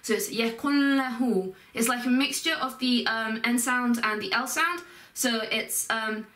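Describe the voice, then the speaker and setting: Teaching recitation one step at a time, a female Quran teacher patiently and carefully stretches out example sounds. She speaks at a normal speed in a slightly high voice that comes out pushed and bright. The recording catches her from a distance in an echoey room.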